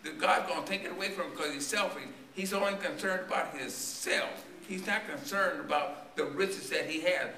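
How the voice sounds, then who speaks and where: Male preacher, voice worn and straining, bright and forceful tone, tells a story in his sermon, church echo, mic far off. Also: fairly high pitch, moderate pace, hardly any pauses, a little hiss or hum. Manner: storytelling sermon with call-and-response questions to the congregation. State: voice strained and tiring. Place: church sanctuary. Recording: echoey church recorded from a distance.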